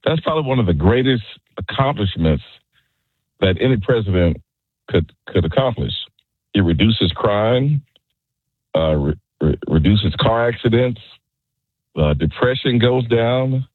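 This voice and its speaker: Male radio caller, very low husky voice, dry tinny phone sound, halting stop-start delivery. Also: expressive, no room sound. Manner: halting, repeats words while making his points. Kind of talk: call-in radio opinion.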